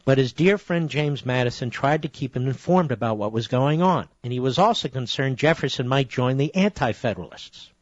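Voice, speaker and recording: A man's voice: mid-range voice, lively intonation, fairly quick, hardly any pauses, no room sound. Man, talk radio host, middle-aged, combative, indignant, dry broadcast sound. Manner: combative, rising to indignant shouting. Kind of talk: political talk radio monologue. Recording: dry, slightly dull radio broadcast audio.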